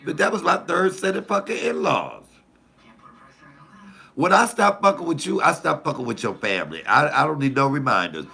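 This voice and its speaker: A man, a comedian, telling profane, animated stories casually to his channel's viewers. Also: on the high side, moderate pace, vocal fry, breathy edge. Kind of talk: casual storytelling to camera.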